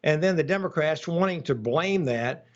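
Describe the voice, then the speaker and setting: A man's voice: fairly high pitch, animated, moderate pace. Muffled emphatic congressman on remote link. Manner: emphatic, hesitant with many fillers. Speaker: congressman guest. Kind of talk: live TV news interview.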